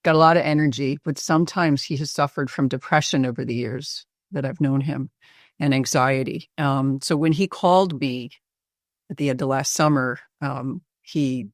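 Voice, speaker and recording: A woman physician presenting a patient case in a webinar interview, speaking hesitantly with many pauses and fillers. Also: very deep voice, no echo, clean studio sound.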